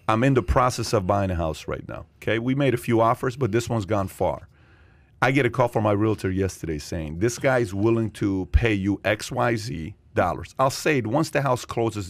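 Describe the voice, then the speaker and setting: A man hosting a podcast who tells stories in a lively way and repeats his points for emphasis. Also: fairly low pitch, no room sound. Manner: animated storyteller, repeats points. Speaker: podcast host. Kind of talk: casual chat.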